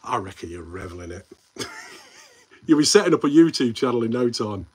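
A man with a mid-range, breathy-edged voice speaks briskly in a sing-song way while hosting a casual live stream in a Midlands English accent. He rambles, answers viewers' comments, and keeps things friendly, calling them mate.

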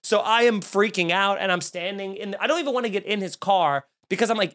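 Comic guy ranting on his podcast, high voice, swears a lot, acts out every quote all worked up. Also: quick pace, few pauses. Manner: profane, exasperated, acts out quotes loudly. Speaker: comedian podcast host. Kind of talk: animated comic storytelling rant.

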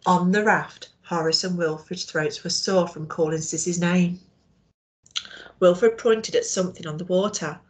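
A woman teacher reading a storybook aloud to young children, expressive and asking them questions. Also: fairly low pitch, unhurried.

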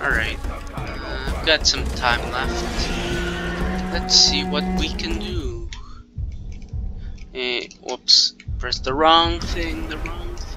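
Over game music, a gameplay commentator jokes around in a let's-play, mocking the on-screen enemies. His voice is on the high side and very slow, with long pauses, and the recording quality is low.

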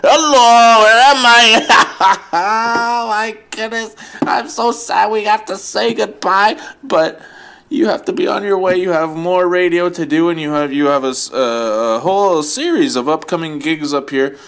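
A man hosting a comedy podcast sketch in a mock-formal, deadpan interviewer manner. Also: high-pitched, moderate pace. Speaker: podcast host.

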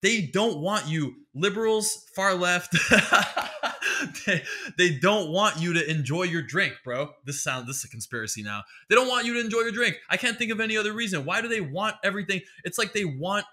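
A man's voice: sits high, animated, moderate pace, sharp tone. A man hosting a podcast, rambling through a sarcastic, profane comedic monologue. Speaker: podcast host.

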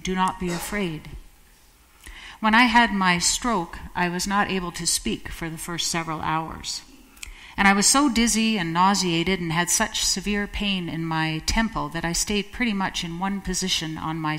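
A woman giving a sermon in a measured, reflective manner, slowing down for emphasis. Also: lowish voice, fairly bright tone. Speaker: preacher. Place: church. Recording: long church reverb.

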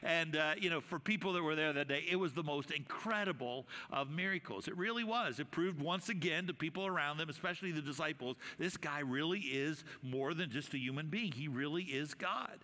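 A man's voice: a little high, fairly quick, hardly any pauses, pushed and bright. A man preaching a conversational sermon as senior pastor, with frequent fillers and restarts. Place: church sanctuary. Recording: reverberant church hall.

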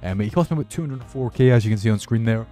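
A young man commentating his football video game with excitable, sweary banter. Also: mid-range voice, racing, faint music behind. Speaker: gaming YouTuber. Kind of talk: casual gameplay commentary.

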